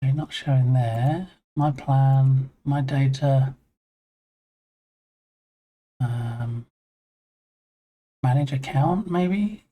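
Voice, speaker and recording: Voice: medium pitch, very slow, long pauses, warm tone. Chatty streamer thinking aloud while troubleshooting. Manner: muses to self, reads screen text aloud, chats with viewers. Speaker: game dev streamer. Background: headphones on.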